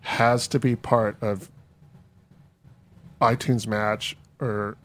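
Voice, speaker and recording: A man's voice: fairly low pitch, level tone, drawn-out words, fairly bright tone. A man hosting a tech podcast, asking clarifying questions and closing the show in a friendly, agreeable way. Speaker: podcast host. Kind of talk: casual tech chat and show sign-off.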